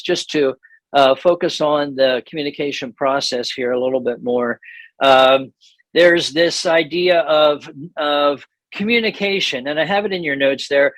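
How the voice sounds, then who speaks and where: A middle-aged man teaches a church seminar in a loose, conversational way, often restarting sentences and laughing lightly. His voice sits a little high for a man. The sound is dry and close, with little room in it. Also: a bit bright, dry recording, poor audio. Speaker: pastor leading a seminar.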